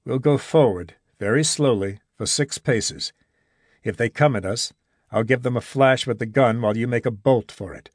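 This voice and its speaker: A man doing a calm, wry expedition leader. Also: mid-range voice, no room sound, natural voice. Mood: cautious. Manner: solemn, dry-humored, measured.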